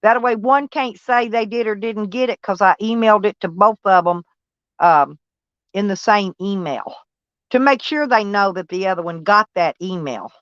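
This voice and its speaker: A woman's voice: medium pitch, expressive, normal speed, fairly bright tone, no echo. A Southern American woman rambles through a casual livestream, talking straight back to her chat by name. Her voice sits mid-range and comes through dull and lo-fi, with a dry sound close to the mic. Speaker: vlogger reading live chat.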